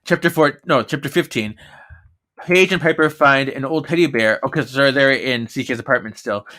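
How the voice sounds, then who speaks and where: A man's voice: mid-range voice, moderate pace, bright, forceful tone. A man co-hosting a podcast, summarizing a book chapter by chapter with frequent laughter. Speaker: podcast co-host. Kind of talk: casual book-recap chat.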